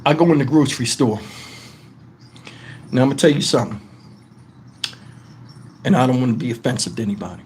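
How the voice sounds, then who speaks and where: A man's voice: medium pitch, brisk, long pauses, a little hiss or hum. A man hosting a live stream, telling casual profane stories and laughing along. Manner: animated, profane, laughs through his stories.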